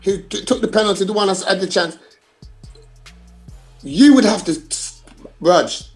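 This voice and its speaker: A man co-hosts a casual football talk, speaking in a fairly high voice. He leans on slang and hammers his points home by repeating them. Light music sits faintly in the background. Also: moderate pace, long pauses, darkish tone. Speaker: podcast co-host.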